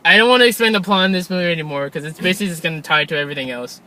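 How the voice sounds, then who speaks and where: Racing through his thoughts in a high-pitched, bright, forceful voice, a young podcast co-host chats casually about films. He rambles, leans on "like" nonstop, and keeps starting his sentences over.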